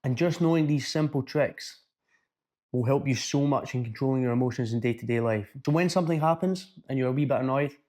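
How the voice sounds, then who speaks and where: A man's voice: mid-range voice, brisk. Blunt man coaching. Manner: energetic, blunt and swearing. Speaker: fitness and mindset coach. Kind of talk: casual self-help talk to camera.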